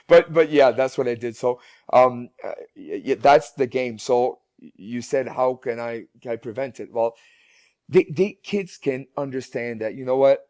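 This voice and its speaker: Halting man telling a family story. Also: medium pitch, darkish tone, no room sound, studio quality. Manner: halting, many restarts and repeated words. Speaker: guest speaker, parent. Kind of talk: casual interview storytelling.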